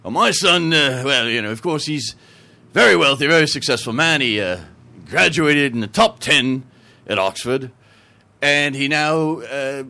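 A man's voice: fairly high pitch, lively intonation, normal speed, a bit bright. A man voicing a boastful English father who brags about his son while telling a joke, his delivery stumbling along. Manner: stumbling storyteller's mock boast.

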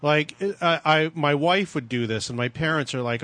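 An American man interviewing a guest, asking chatty, halting questions. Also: fairly high pitch, sharp tone, no room sound. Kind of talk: casual interview talk.

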